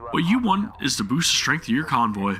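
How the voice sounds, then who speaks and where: A man voicing a cold, calm stranger who makes threats, reading game dialogue aloud. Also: mid-range voice, brisk, faint music behind.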